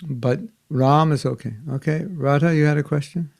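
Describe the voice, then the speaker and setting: An older man teaching children in an online class, gentle and patient, often asking them questions. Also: fairly high pitch, steady tone, moderate pace, vocal fry. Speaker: spiritual teacher. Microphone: video call.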